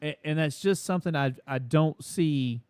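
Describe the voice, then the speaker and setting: A man's voice: a little high, normal speed, a little mellow, smooth, no room sound. A man co-hosting a casual college football talk show, folksy and drawn out when making a point.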